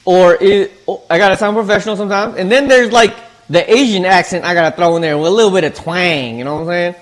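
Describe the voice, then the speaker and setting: A high-voiced man talks quickly while eating on stream. He's laid-back and slangy in his casual chat, often repeating his words.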